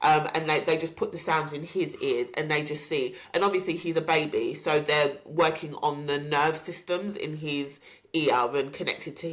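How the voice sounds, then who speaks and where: A woman, hosting a podcast and candidly recounting a personal story with many pauses and ums. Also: sits low, a bit bright. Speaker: podcast host.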